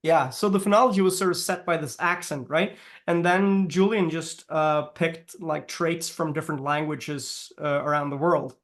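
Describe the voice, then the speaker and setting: A man's voice: fairly high pitch, fairly even intonation, normal speed, few pauses. A man being interviewed in a casual chat, talking loosely with many fillers and restarts and laughing often. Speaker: guest, language consultant.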